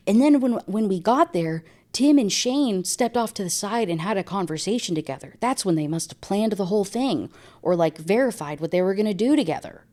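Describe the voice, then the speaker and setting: A woman's voice: mid-range voice, expressive, brisk, darkish tone. Exasperated young woman ranting about a book. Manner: exasperated, slangy, rambling asides. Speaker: book reviewer. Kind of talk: casual book review rant.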